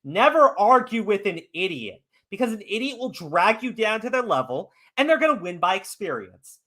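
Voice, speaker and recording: Podcast guy going off on a sweary rant, bright sharp voice. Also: high-pitched, very animated, moderate pace. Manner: profane, heated and emphatic. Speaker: podcast host. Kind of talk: ranting commentary.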